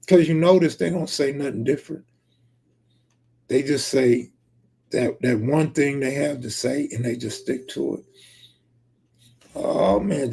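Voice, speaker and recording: Brief: gravel-voiced male streamer, dark husky tone, joking, swears freely. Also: medium pitch. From California. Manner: reads viewer comments aloud and banters back, profane and joking. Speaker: live streamer reading chat. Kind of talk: casual live-stream chat.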